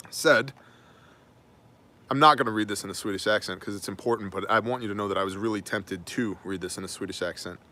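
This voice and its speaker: A man's voice: a little high, bright, forceful tone, no echo. A man delivering an opinionated daily news monologue, emphatic and preachy, with wry asides. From United States. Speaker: prepper news commentator.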